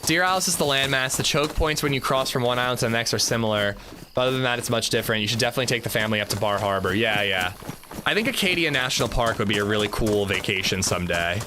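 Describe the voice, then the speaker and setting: A man streaming a game, chatting in a relaxed way and answering his chat. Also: mid-range voice, fast talker, background noise. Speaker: gaming streamer. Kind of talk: casual livestream chat. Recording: game ambience loud behind voice.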